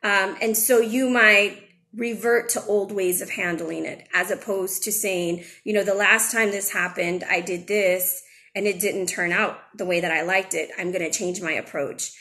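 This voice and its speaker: A young adult woman chatting casually and warmly-frank as she gives a spiritual tarot reading, a little emotional at times. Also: mid-range voice, steady tone, normal speed. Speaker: tarot reader and channel host.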